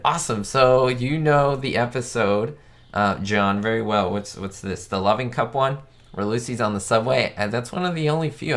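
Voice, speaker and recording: A man's voice: mid-range voice, gravelly. A man hosting a casual live stream, chatting upbeat and rambling as he reads out viewers' comments. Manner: rambling with frequent fillers and restarts. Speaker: channel host.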